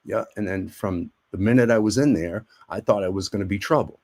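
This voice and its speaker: A man's voice: fairly low pitch, a little fast, darkish tone. A man, an army veteran and actor, telling rambling stories as a guest in a casual interview. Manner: rambling, repeats words, acts out quoted voices.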